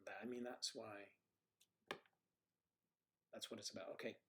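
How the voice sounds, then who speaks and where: A man hosting a casual livestream, rambling through stories and viewer messages and trailing off into low mutters as he clicks around. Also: steady tone, measured pace, gravelly, sharp tone, slight background noise. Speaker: livestream host.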